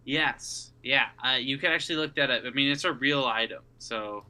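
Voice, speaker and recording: A man's voice: mid-range voice, moderate pace, pushed and bright, clear, resonant tone, low-quality recording. A man narrating as the dungeon master of a casual tabletop game, loose and profane, often laughing.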